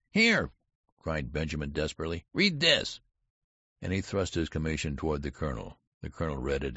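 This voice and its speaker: A man reads a story aloud in a very deep, gravelly voice with a husky edge. His delivery rises and falls expressively. The recording is dry and slightly dull. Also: dry recording. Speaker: audiobook narrator. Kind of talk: scripted narration.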